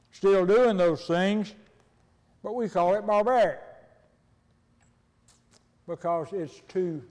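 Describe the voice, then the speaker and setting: A man's voice: sits high, a little mellow. An older man preaching a folksy, conversational sermon and acting out little dialogues. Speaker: pastor. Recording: long hall reverb.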